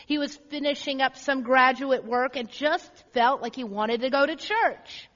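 A woman pastor with a high voice preaches in a church sanctuary, earnest and leaning on repeated phrases. The sound carries a long hall echo. The recording is dull and lo-fi. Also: measured pace, fairly bright tone. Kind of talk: sermon.

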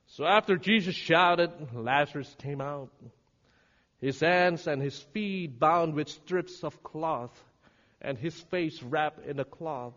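A man preaching a sermon, dramatic and swinging from hushed words to shouting. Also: fairly high pitch, slow. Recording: reverberant hall, dull lo-fi sound.

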